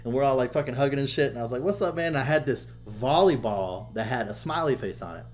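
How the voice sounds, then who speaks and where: A young man co-hosting a podcast, telling stories in casual chat, swearing a lot and getting loud when he quotes people. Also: medium pitch, quick pace. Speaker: podcast co-host.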